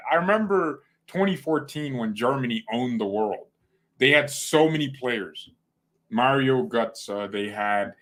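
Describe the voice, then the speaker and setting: A man's voice: on the low side, fairly bright tone. A young man hosting a fan channel, rambling casually and using slang as he reacts to football results. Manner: rambling, slangy, jumps between topics.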